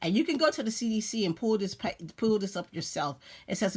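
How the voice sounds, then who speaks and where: A woman reads a story aloud at a slow pace and breaks off often to comment on it in a casual preaching way. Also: medium pitch, expressive, darkish tone, husky.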